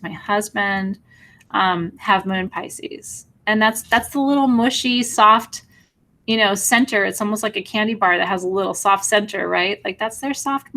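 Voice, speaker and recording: A woman hosting a spiritual live stream, talking warmly and emotionally to viewers, calling out their names and reassuring them. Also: mid-range voice. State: teary at moments. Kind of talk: live-stream chat reading viewer comments.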